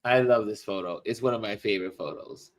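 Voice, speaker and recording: A middle-aged man hosting a casual livestream, musing warmly to viewers as he shows photos. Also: on the low side. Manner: slow, musing, talks to viewers while showing photos. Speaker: livestream host.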